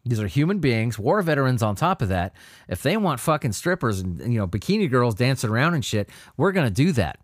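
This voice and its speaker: A man rants through news stories on his own show, swearing freely and tripping over his words as he gets worked up. His pitch swings widely from low grumbles to high outbursts. The sound is dry and close, with no room around it. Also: brisk, no room sound. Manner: profane, animated ranting with frequent restarts. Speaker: podcast host reading news. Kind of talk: solo commentary on news articles.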